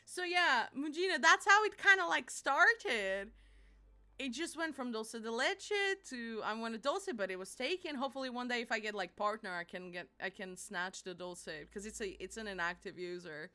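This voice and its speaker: A young woman streaming live, chatting casually and animatedly, laughing and apologizing a lot and squealing when excited. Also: fairly high pitch, normal speed, smooth.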